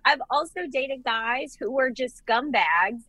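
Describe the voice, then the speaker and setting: A young woman co-hosting a casual podcast chat, gushing and animated as she gives her opinions. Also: high-pitched, unhurried, no room sound, poor audio. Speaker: podcast co-host.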